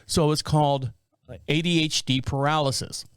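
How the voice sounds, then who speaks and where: A man's voice: on the high side, fairly even intonation, moderate pace, clear, resonant tone, no room sound, studio quality. A middle-aged man hosting a podcast, talking in a rambling casual monologue full of fillers and restarts. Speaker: podcast host.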